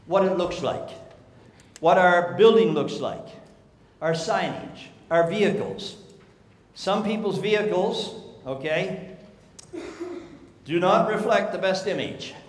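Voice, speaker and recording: A man giving a business seminar talk, telling stories and asking the audience rhetorical questions. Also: a little high. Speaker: seminar speaker. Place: large seminar hall. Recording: echoey hall with faint ambience.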